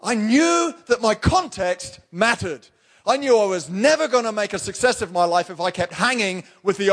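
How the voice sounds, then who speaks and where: A male pastor with a high voice delivers a sermon from the pulpit. He talks straight at his congregation, pressing his points with emphatic, blunt rhetorical questions. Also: a bit bright.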